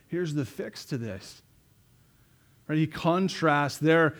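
A man preaching a sermon as pastor, conversational, often checking in with the congregation and repeating himself. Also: a little high. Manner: conversational, asks "right?" often, repeats words.

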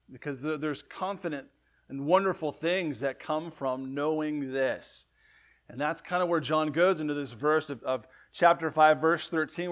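A man preaching a sermon in a conversational way, often asking "right?", correcting himself, and swinging between loud emphatic lines and quiet ones. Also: on the high side. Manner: conversational, frequent "right?" asides and self-corrections. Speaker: pastor.

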